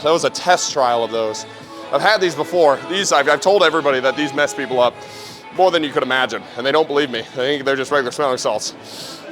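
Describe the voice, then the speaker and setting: A young man filming a gym training vlog as a strength coach, hyped and talking between lifts, often swearing. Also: mid-range voice.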